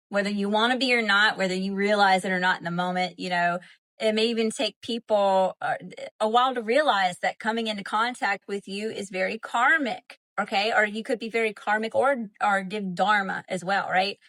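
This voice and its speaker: A woman's voice: medium pitch, a bit bright, no echo. A woman with a Southern US accent hosting a spiritual livestream, explaining numerology in a chatty way, full of fillers and talking to viewers as y'all. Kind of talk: casual livestream teaching.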